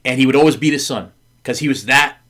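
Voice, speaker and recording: A man's voice: mid-range voice, fast talker, fairly bright tone. An earnest middle-aged man talks candidly with his wife on a podcast. His storytelling rambles, stumbles over repeated words and leans on fillers. He acts out the people he quotes. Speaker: podcast host.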